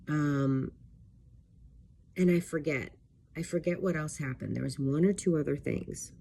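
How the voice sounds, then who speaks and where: A woman speaks slowly and without hurry, her voice low and warm. It has a husky, slightly breathy grain. She is a life coach telling a personal story straight to camera, candid and rambling, with frequent fillers. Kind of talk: casual talking-to-camera vlog.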